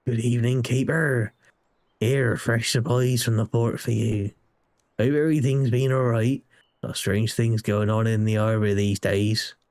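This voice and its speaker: A man's voice: medium pitch, little pitch movement, measured pace, a little mellow, voice pushed down, lightly acted. A man voicing a weary middle-aged boatman who delivers supplies, chatty and folksy. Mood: friendly.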